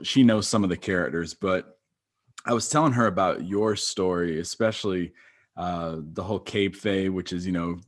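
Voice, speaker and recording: Male podcast host, very low voice, casual and rambling. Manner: rambling, many fillers and restarts. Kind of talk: casual interview chat.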